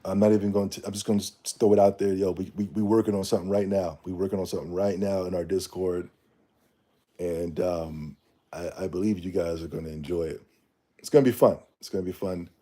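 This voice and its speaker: A man's voice: deep voice, fairly even intonation, quick pace, mellow. A man hosting a casual livestream, ranting bluntly in slangy talk and reading the chat. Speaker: streamer.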